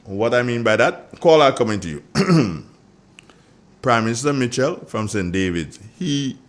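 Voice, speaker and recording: A middle-aged man with a Grenadian accent hosting a morning radio show, chatty and joking as he sends shout-outs to listeners. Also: medium pitch, big pitch swings, unhurried. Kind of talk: casual morning radio chat.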